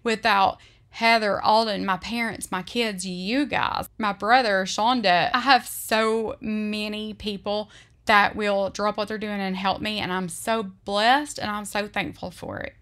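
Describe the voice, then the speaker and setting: Woman home vlogger, sincere and emotional, medium pitch, unhurried heartfelt delivery. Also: steady tone, a bit bright. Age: adult. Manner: earnest, emotional, often slow and deliberate. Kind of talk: heartfelt faith-based vlog talk.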